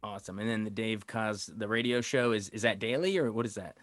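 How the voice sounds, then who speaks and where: A man's voice: on the low side, brisk, a bit bright, no echo. Casual, rambling male interviewer, dry sound. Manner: casual, rambling, laughs easily. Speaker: entertainment reporter, interviewer. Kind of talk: conversational interview.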